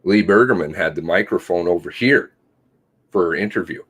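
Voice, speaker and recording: A man hosting a casual livestream, reading and commenting on articles in a sarcastic, mocking way, with loud outbursts and low mutters. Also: moderate pace, slightly rough. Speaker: livestream host.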